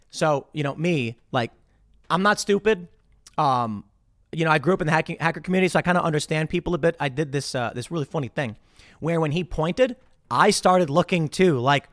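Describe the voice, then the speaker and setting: A man's voice: a little high, quick pace, no echo, studio quality. A man hosting casual political commentary, retelling stories and acting out the people he quotes. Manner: animated, acts out quoted people in shifting voices. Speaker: commentary host.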